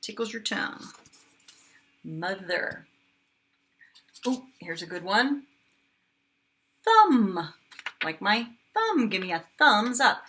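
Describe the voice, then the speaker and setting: A kindergarten teacher, a woman, sounding out words slowly and with exaggeration for young children in a phonics lesson. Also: mid-range voice, sing-song, bright, forceful tone, breathy edge.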